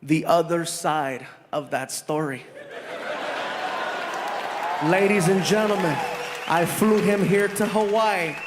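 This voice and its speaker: A high-voiced stand-up comedian telling a story animatedly on stage. His voice trails off in a long hall echo, with a loud crowd and noise throughout. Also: slow pace, pauses often. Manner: animated, theatrical.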